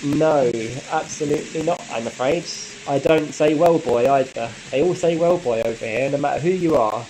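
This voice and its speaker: A man hosting a laid-back live stream, reading out and answering viewer comments in a loose, chatty way. He laughs lightly and often. His voice sits a touch high, and a faint hum of noise runs underneath. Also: moderate pace, few pauses, darkish tone, poor audio. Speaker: model railway channel host.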